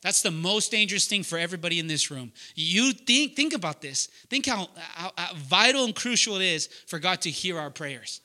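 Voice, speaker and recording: A man preaching loudly and emphatically to young adults, often asking the room to fill in words. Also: high-pitched, lively intonation, moderate pace, few pauses. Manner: loud, emphatic, asks the room questions. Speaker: pastor teaching young adults. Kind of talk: sermon.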